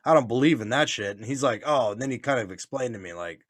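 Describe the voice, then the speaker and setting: A man's voice: mid-range voice, animated, fast talker, dry recording, studio quality. A man telling stories in casual chat, swearing often, laughing, and acting out what others said. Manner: profane, laughing, acts out voices in stories. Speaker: podcast co-host.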